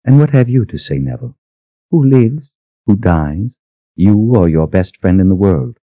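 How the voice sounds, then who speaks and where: Guy doing a cold cruel sorceress lady, icy and mocking, low dry voice. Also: animated, moderate pace, no echo, narrow, tinny audio. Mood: cold menace. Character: cold cruel woman sorceress, calm menace.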